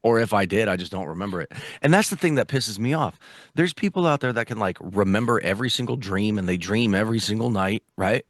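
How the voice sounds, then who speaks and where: A man with a very low voice chats loosely on a podcast, dropping "dude" and the odd curse word. The sound is dry and close, with no room around it. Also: animated, fast talker, no room sound. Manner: swears casually, says "dude" a lot. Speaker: podcast co-host. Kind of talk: casual chat.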